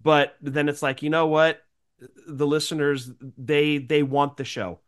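A man with a nasal, congested voice from a cold, chatting loosely on a podcast. His voice sits a bit higher than most men's. He talks in a rambling, grateful way. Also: flat delivery, unhurried, clear, resonant tone. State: sick with a cold. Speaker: podcast co-host. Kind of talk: casual chat.

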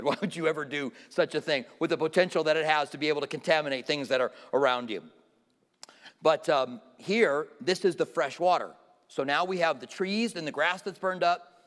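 A man's voice: fairly high pitch, a bit bright. Man teaching a sermon in a reverberant hall. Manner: informal, questions the audience directly. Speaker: Bible teacher. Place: church hall with a live audience. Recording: long reverb of a large hall.

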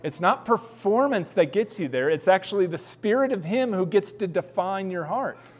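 A man preaching a sermon in a casual, animated storytelling way, acting out bits of dialogue. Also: sits high, normal speed. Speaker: pastor.

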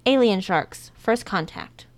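A woman's voice: mid-range voice, animated, takes it slowly, no room sound. A woman reading show blurbs aloud in casual chat, with playful joking asides.

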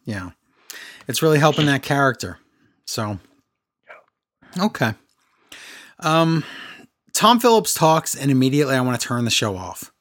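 A man's voice: medium pitch, sing-song, a little slow, long pauses, fairly bright tone. Male podcast co-host, sarcastic and exasperated, casual recap delivery. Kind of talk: casual wrestling podcast chat.

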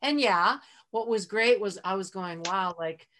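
A woman's voice: medium pitch, lively intonation, a little slow, a bit bright, a little hiss or hum. Heartfelt, chatty middle-aged woman. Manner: chatty, frequent fillers like "like" and "you know"; heartfelt, openly emotional. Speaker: interview guest. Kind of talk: casual storytelling in a podcast interview.

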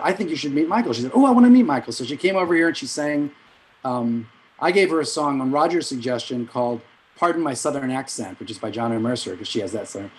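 A middle-aged man, a music director and vocal coach, telling rambling anecdotes in an interview, with quick asides and self-corrections. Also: a little high, a little hiss or hum, low-quality recording. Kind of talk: storytelling in an interview.

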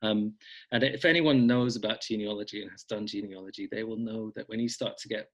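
A man's voice: fairly low pitch, steady tone, fairly quick, dull audio. A man chatting as a podcast guest, rambling and self-deprecating with lots of ums. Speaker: podcast guest, folk magic blogger. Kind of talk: casual interview chat.

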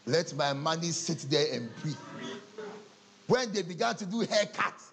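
Lively man preaching with humor. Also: a little high, measured pace, a little hiss or hum. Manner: animated storytelling, acting out dialogues with laughter. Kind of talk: humorous sermon.

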